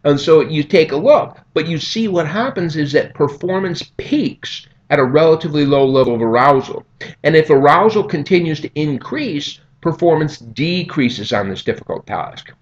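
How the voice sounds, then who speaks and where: A man's voice: a little high, animated, moderate pace. A man giving a recorded lecture over slides in a conversational way, often checking in with "okay?" and "right?". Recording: dull lo-fi audio.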